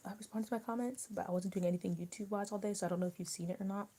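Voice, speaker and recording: A young woman from Maryland hosts a casual live stream while she eats. She chats loosely and answers viewer comments out loud, in a voice that sits at an ordinary middle pitch. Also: steady tone, racing, slightly rough. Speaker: livestream host.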